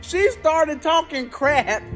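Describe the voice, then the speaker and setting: A woman's voice: high voice, animated, slow, faint music behind. A woman giving a mocking video rant, laughing and taunting in a teasing drawl. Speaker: social media commentator.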